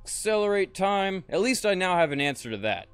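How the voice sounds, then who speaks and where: Brief: young male streamer, lively swings in pitch, close dry mic, grumbling and cursing at the game, faint music under. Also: a little fast, clean tone, no room sound. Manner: frustrated, swearing, muttering to himself. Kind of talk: casual live-stream commentary.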